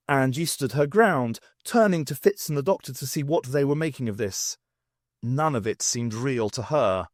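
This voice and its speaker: A man reading a novel aloud, unabridged, with a wry, expressive delivery. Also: mid-range voice, dry recording, studio quality. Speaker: audiobook reader.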